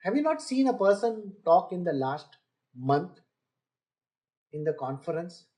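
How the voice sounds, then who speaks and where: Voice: medium pitch, sing-song, measured pace, warm tone. A spiritual teacher giving a scripture lecture, asking listeners rhetorical questions and mocking boastful people by quoting them.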